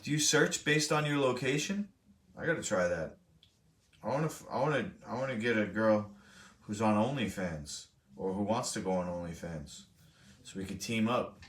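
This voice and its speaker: A man's voice: fairly low pitch, expressive, moderate pace, a bit bright. A young man hosting a live stream, telling a story to his chat in a rambling, profane, self-correcting way. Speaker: streamer host. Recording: roomy, from a distant mic.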